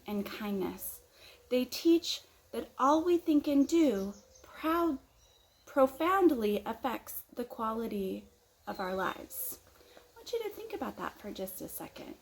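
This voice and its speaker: A woman leading children's story time at church with expressive storytelling. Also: on the high side, a little hiss or hum, rough recording.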